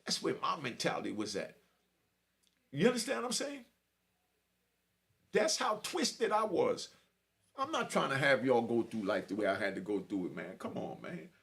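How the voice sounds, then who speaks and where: A middle-aged vlogger tells a prison story with emotion and earnestness, using street slang and repeatedly checking in with "you know what I mean." His mid-range voice is very animated and a bit bright, with vocal fry, a moderate pace, and frequent pauses.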